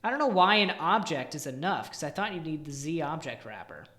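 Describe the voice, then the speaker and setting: A man's voice: fairly high pitch, very animated, brisk, bright, forceful tone. A man live-streaming as he codes, thinking aloud and muttering in exasperation, sometimes dropping almost to a whisper. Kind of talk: thinking aloud while coding. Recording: roomy echo.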